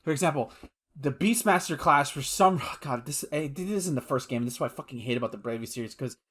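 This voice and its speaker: A man's voice: a little high, fast, fairly bright tone. A man co-hosting a gaming podcast in casual chat, rambling with many fillers and restarts, enthusiastic and swearing casually. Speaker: podcast co-host.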